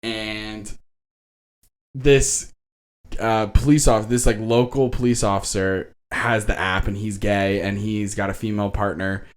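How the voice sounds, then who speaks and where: A young man co-hosting a podcast, reviewing a movie in casual chat and acting out lines with sudden high jumps. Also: a little slow. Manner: animated, acts out quotes with big pitch jumps. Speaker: podcast co-host.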